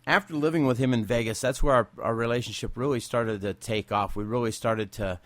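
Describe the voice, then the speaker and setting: Speaking a little fast at a medium pitch, this Southern California podcast host in his forties shares unscripted personal stories. He is candid and emotional, frequently starting sentences over, and the recording carries no room sound.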